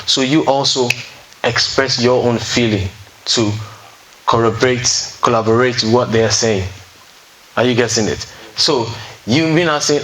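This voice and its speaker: This animated man has a medium-pitched, somewhat bright voice and talks at normal speed, captured in a rough recording with slight background noise. Speaking at a singles fellowship, he gives a relationship teaching talk to a seated live audience in a room, keeping it chatty, frequently checking in with them, and drawing on counseling-session stories.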